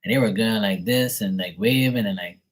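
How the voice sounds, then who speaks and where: Profane joking man with a husky voice. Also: lowish voice, fairly quick. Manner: profane, joking storyteller who laughs often. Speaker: livestream host. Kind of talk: casual live-stream chat.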